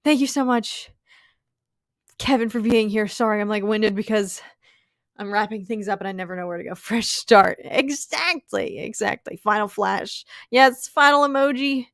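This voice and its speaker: A woman's voice: medium pitch, moderate pace, fairly bright tone, no room sound, studio quality. A young woman hosting a casual live stream, gushing and laughing often as she thanks viewers and rambles with fillers. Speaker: livestream host.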